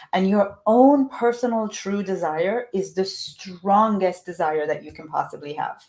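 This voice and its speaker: A woman coaching her audience in a live motivational talk, emphatic and fond of repeating phrases for effect. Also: medium pitch. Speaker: manifestation coach.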